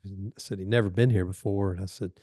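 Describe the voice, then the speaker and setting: Low, mellow-voiced man telling anecdotes. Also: fairly even intonation, quick pace, no room sound, clean studio sound. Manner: chuckling, rambling anecdotes. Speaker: podcast guest, fire service training advisor. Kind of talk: casual storytelling chat.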